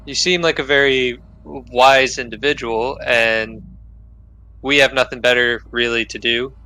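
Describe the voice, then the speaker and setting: A man's voice: medium pitch, steady tone, a little slow, pushed and bright, low-quality recording. A man playing in a tabletop role-playing game, eager and persuasive, often restarting mid-sentence. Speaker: player.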